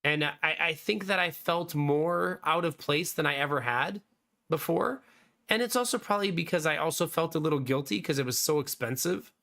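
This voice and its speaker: A man in his thirties, slightly hoarse, chatting casually on a live stream and answering viewers by name. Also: fairly high pitch, normal speed, sharp tone. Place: home streaming room.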